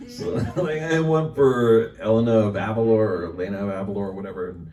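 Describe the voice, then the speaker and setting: Man voice actor, low warm tone, encouraging panelist, roomy distant sound. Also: brisk. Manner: earnest, encouraging advice giver. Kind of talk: convention panel Q&A. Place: convention panel room. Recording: echoey room, voice far from mic.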